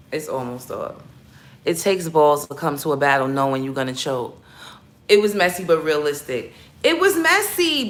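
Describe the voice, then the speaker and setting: A woman hosting a casual livestream, chatting with her viewers in a blunt, profane and playful way. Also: low voice. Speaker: livestream host talking battle rap. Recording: roomy echoey room.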